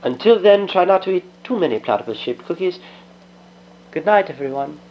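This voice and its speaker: A man's voice: high-pitched, expressive, brisk, heavy background noise. A man playing a formal, genial radio announcer who signs off the broadcast. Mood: courtly. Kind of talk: old-time radio sign-off. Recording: dull lo-fi old radio sound.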